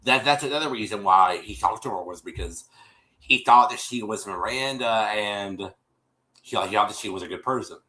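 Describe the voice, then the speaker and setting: A man's voice: on the low side, moderate pace, bright, forceful tone, poor audio. A man hosting a stream, casually retelling a TV episode to his viewers, rambling with many restarts and calling them y'all. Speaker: show host recapping an episode. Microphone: streaming setup microphone.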